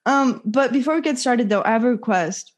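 A woman's voice: on the high side, animated, brisk. A young woman hosting a podcast, chatting casually with her guest over a call and laughing often. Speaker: podcast host. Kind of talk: casual interview chat.

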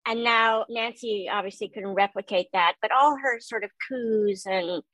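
A middle-aged woman who does voice acting talks in a casual interview. Her voice is high, youthful and nasal, and she tells lively, self-deprecating stories full of quick asides. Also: dry recording, poor audio. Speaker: voice actor guest.

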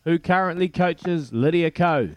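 Jokey New radio host. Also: male voice, on the high side, measured pace, no echo. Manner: matey, jokey, laughs often. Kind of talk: quiz with callers.

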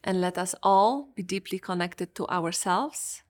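A woman's voice: on the low side, unhurried. Earnest woman coaching over faint music. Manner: earnest and emphatic, acting out quoted clients. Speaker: podcast host and coach. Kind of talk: motivational podcast monologue.

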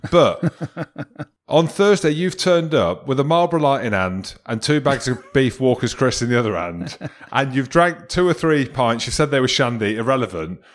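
A man's voice: mid-range voice, lively intonation, normal speed. A Scottish man cohosting a podcast, teasing his partner with mock interrogation in casual banter. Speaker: podcast co-host.

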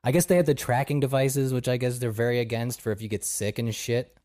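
A man's voice: mid-range voice, fairly even intonation, fast talker, darkish tone, dry recording, clean studio sound. A man co-hosting a casual podcast chat, ranting in a profane, sarcastic way. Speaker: podcast co-host.

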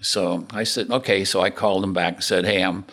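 Older man, gravelly voice, low pitch, rambling storyteller acting out dialogue. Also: level tone, fairly quick, a bit bright. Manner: rambling anecdotes, acts out dialogue. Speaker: podcast guest, real estate developer. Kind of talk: casual storytelling interview.

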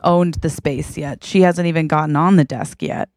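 Animated, laughing woman podcast co-host. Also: deep voice, moderate pace, no room sound, studio quality. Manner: chatty and animated, laughs often. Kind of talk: casual chat.

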